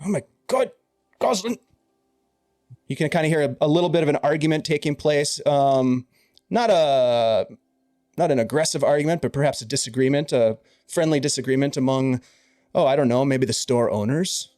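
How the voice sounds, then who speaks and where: A man's voice: mid-range voice, fairly quick, a little mellow, no echo, clean studio sound. A man narrating a tabletop game as game master, rambling through restarts. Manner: rambling, many restarts and fillers.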